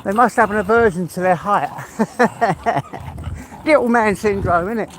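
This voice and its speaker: A man's voice: sits high, fast talker, a bit bright, slight background noise. Breathless English man chatting on a walk. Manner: chatty, rambling, laughs often, greets chat by name. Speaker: live-stream host. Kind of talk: casual chat to live viewers while walking. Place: outdoors, walking a dog.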